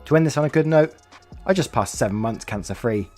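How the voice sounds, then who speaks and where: A man reading online stories aloud, acting out the angry quotes with big jumps in pitch, and chuckling through his own casual comments in between. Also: animated, brisk, a little mellow. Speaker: reddit story narrator. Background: faint background music.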